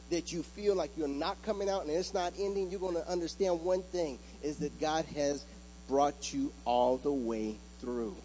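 A man delivers a sermon in a church, his voice sitting high for a man. He moves between soft, close talk and loud, climbing preaching. A faint electrical hum runs underneath. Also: low-quality recording. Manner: builds from quiet talk to loud, rising preaching. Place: church with an altar.

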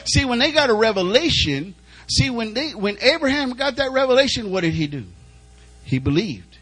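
A man's voice: very high voice, very animated, normal speed, a bit bright, husky, poor audio. A male preacher delivering an emphatic sermon, repeating phrases as he urges the congregation on. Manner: emphatic, repetitive, urging the congregation.

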